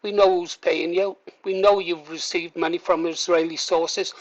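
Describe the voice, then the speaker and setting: A man's voice: high-pitched, fairly even intonation, moderate pace, dull audio. A man hosting a reaction video, mocking and heckling a played clip with sarcastic asides. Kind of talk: commentary over a played clip.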